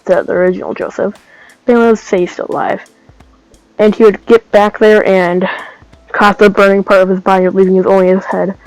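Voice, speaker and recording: A woman's voice: medium pitch, level tone, normal speed, darkish tone, dry recording, faint music behind, rough recording. A woman telling a made-up fan story in a casual, rambling way that keeps stopping to correct itself. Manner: rambling, trailing off, self-correcting.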